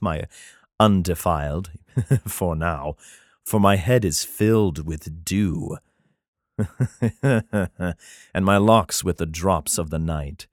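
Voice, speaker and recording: A man's voice: deep voice, dry recording, studio quality. A man reading an old text aloud and breaking off into crude, mocking asides and laughter. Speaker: reader giving comic commentary.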